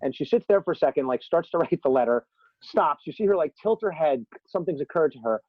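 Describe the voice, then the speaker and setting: A man guest in a conversational interview, talking at length with asides and animated anecdotes. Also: on the high side, fast, no echo, muffled recording. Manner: long-winded, animated storyteller with many asides. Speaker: podcast guest, TV executive.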